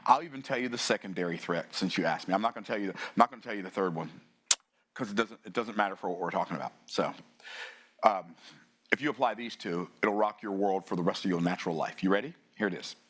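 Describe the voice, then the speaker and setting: A man, giving a fiery motivational talk that surges between low, intense stretches and excited outbursts. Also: quick pace. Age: 60s. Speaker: summit speaker.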